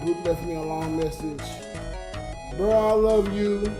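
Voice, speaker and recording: A man's voice: high-pitched, measured pace. A drunk man livestreaming as a comedian, talking to his viewers in a raw, emotional rant. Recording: roomy echo with music behind.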